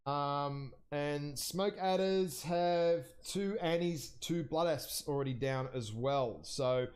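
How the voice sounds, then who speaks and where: A young man with a high-pitched voice casts an online game league match live. He rambles and thinks aloud as he reads the teams, and his voice climbs when a pick surprises him. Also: a little mellow. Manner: voice jumps higher when surprised. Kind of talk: live esports commentary.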